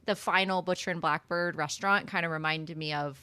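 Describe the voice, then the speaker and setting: A woman's voice: fairly low pitch, fairly even intonation, fairly quick, bright, forceful tone, clean tone, no echo. A woman hosting a book club podcast, talking in an enthusiastic, chatty way full of fillers and asides. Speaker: podcast host. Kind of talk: casual book club chat.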